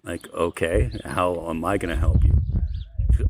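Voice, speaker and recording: Over a noisy background, this man speaks low at a normal speed. He's co-hosting a podcast, spinning a long, meandering anecdote and animatedly performing the dialogue he quotes.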